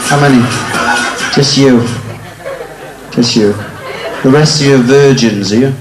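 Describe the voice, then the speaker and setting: Loud music and a noisy crowd fill the echoey club as a male hypnotist performs his live show on the nightclub stage. He teases the volunteers and onlookers with cheeky remarks, his mid-range voice moving a little slowly.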